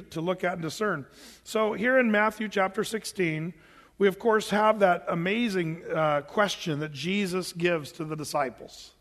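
A man's voice: sits high, fairly bright tone, long reverb tail. A man, a pastor, preaching a conversational sermon with fillers and questions to the congregation.

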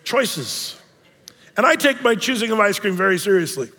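A man's voice: high voice, big pitch swings, moderate pace, pushed and bright, big-room sound. A man preaching a sermon as a pastor, in a conversational way with joking asides.

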